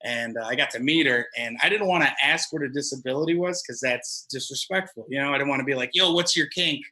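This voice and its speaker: A man's voice: medium pitch, quick pace, sharp tone, low-quality recording. A man performing a stand-up comedy set on a club stage, telling loose, profane stories and acting out the people in them. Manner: loose, profane storytelling with acted-out quotes.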